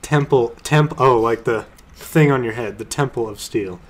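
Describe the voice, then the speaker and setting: A young man reading fan fiction aloud on a comedy podcast, halting and giggling as he goes. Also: medium pitch. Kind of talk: mock-dramatic reading with laughter.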